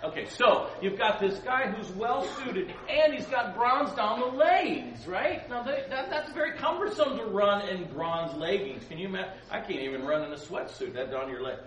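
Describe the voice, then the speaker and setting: In a gym-like hall, a man gives a casual Bible lesson to a youth group, joking around and quizzing his listeners. His voice is high-pitched, animated and a bit bright, moving at a normal speed with hardly any pauses. The roomy hall and distant mic leave faint noise in the recording.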